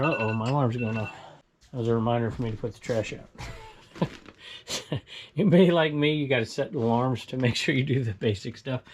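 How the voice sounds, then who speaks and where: A man selling items online, chatting casually and rambling as he walks through his storage bins, chuckling to himself now and then. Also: mid-range voice. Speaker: online reseller showing sold items. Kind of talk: casual vlog walkthrough. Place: indoor storage room with bins.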